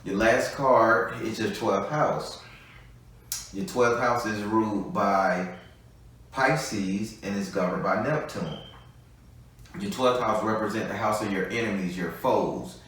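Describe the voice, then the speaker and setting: A man with a fairly low, slightly bright voice speaks slowly as he gives a live tarot reading. He's blunt, chatty and swears freely and often. He sounds distant, recorded in an echoey room.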